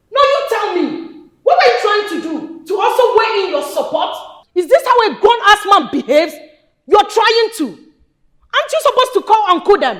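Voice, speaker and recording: A woman playing a fiery grieving daughter. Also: very high voice. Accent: Nigerian English. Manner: scolding, sharp, rapid accusations. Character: fiery grown daughter of a dead father. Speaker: actor. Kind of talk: Nollywood film acting.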